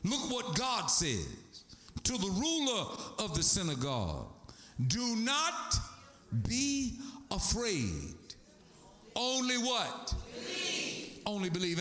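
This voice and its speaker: A man's voice: very high voice, sharp tone, reverberant. A man preaching a sermon, calling to the congregation for responses and breaking into song.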